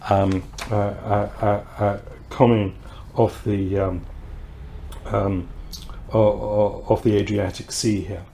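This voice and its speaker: A man's voice: fairly low pitch, gravelly, mellow, a little hiss or hum. A man hosts a wine tasting, telling a story in a chatty, rambling way full of fillers and restarts. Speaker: wine society host. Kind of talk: casual anecdote and wine tasting talk.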